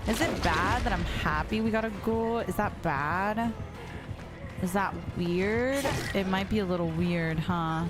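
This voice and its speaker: A young woman chats casually while streaming a game. Her voice sits at a middle pitch, and her delivery is slow and playful, full of teasing. Clear background music plays underneath her. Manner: playful and teasing, laughs often. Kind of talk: casual gameplay chat.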